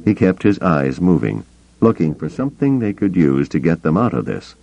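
A man narrating a story in an expressive storytelling manner. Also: rumbling low. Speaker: audiobook narrator. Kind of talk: scripted narration.

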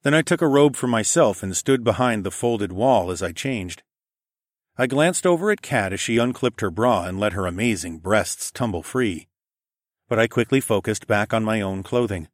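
Low-voiced man narrating an audiobook. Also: expressive, normal speed, no room sound. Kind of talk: first-person audiobook narration. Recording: dry close studio recording.

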